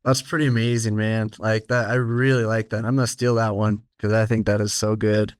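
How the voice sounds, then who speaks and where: A man's voice: on the low side, little pitch movement, fairly quick, smooth, no echo, clean studio sound. A man hosting a casual interview, speaking plainly and earnestly to other men. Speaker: host of a men's health clinic show.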